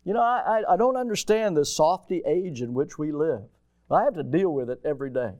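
A man preaching a sermon in a folksy, animated way, with stories and rhetorical questions. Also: on the high side, a little fast, lo-fi sound.

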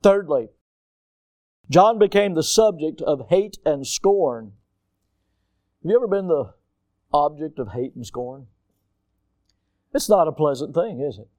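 Animated male preacher with a dry, close sound. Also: fairly high pitch, measured pace, long pauses, no room sound. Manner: animated storytelling with rhetorical questions. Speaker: pastor. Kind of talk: sermon.

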